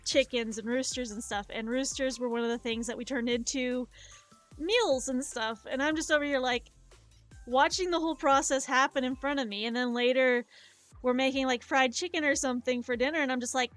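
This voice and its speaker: A young woman with a fairly high voice chats casually on a live art stream, wandering from story to story and leaning on "like" and "um". She talks into a desk mic in a home setup, with soft music playing faintly behind her. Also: fairly even intonation, a little fast. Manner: rambling storytelling, lots of "like" and "um". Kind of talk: casual chat while drawing on a live stream.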